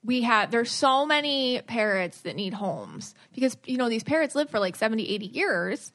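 A woman podcast host and psychic medium in casual chat, talking in an animated, rambling way with frequent restarts. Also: a little high, moderate pace.

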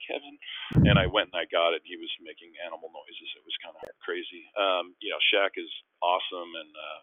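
A former basketball player telling rambling, self-mocking stories in a casual interview. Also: male voice, low voice, steady tone, fast talker, no echo. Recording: tinny phone-like line.

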